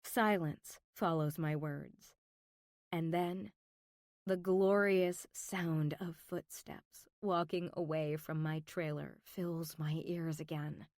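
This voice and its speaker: A woman's voice: low-pitched, fairly even intonation, takes it slowly, darkish tone, no echo. A woman narrates a romance audiobook in the first person, taking her time over every line. Her delivery is intimate and emotional, slipping into whispers. The recording is close and dry, with no room around her.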